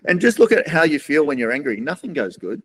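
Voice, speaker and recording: A man's voice: fairly high pitch, very animated, quick pace, a bit bright, slightly rough, rough recording. Australian man telling rambling life stories. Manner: rambling, acts out other people's lines in quoted voices. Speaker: podcast guest. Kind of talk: casual storytelling interview.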